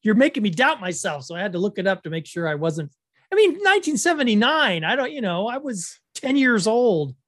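A woman's voice: medium pitch, big pitch swings, a little fast, no echo, studio quality. A woman in her fifties co-hosting a podcast in casual chat, asking curious questions. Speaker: podcast co-host.

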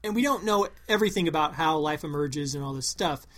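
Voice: mid-range voice, brisk, fairly bright tone. Earnest podcast co-host reasoning aloud. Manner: earnest, reasons things out at length. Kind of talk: casual chat.

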